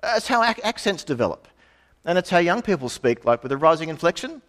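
A middle-aged man delivers a sermon. He sounds conversational, throwing in asides and rhetorical questions. His voice sits slightly high and swings widely in pitch. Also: sing-song, fairly quick, fairly bright tone. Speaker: preacher.

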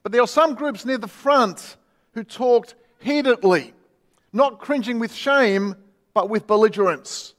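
A man's voice: high-pitched, measured pace, in a large hall. A man preaching a sermon as pastor, earnestly telling a story and reading quoted voices aloud.

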